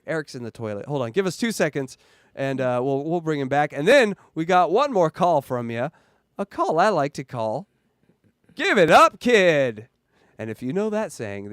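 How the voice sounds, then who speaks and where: A man hosting a casual livestream, joking around and hyping donations in an excitable way. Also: fairly high pitch, clear, resonant tone, no echo, clean studio sound. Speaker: livestream host.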